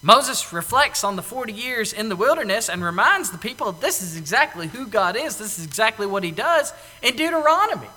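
A man preaching a sermon, animated, acting out the voices of the people in the story. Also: high-pitched, fairly quick, few pauses. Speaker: pastor. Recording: echoey hall.

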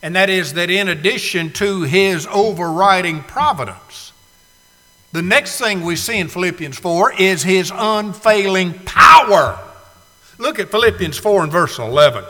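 A man pastor preaching a sermon, swinging from hushed asides to shouted emphasis, with drawn-out words and rhetorical questions. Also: high-pitched. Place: church sanctuary. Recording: long reverb of a church hall.

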